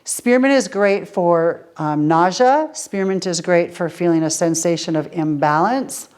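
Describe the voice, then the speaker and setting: A woman with a lower-pitched voice leads a relaxed teaching session for a group of students. She explains in a conversational way, often posing rhetorical questions and then answering them herself. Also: unhurried. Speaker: essential oils teacher.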